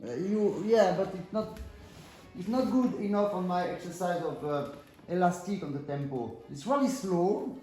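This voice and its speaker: A man's voice: high-pitched, animated, moderate pace, dark tone. A man from France with a French accent, coaching an accordion student in a master class and counting and singing rhythms aloud. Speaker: accordion teacher. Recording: echoey room with accordion playing. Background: accordion music.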